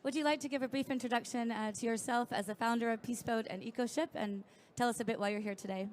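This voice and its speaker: Fast, upbeat woman moderator. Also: fairly high pitch, steady tone. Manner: upbeat, gracious hand-offs. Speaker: panel moderator. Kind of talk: online panel moderation.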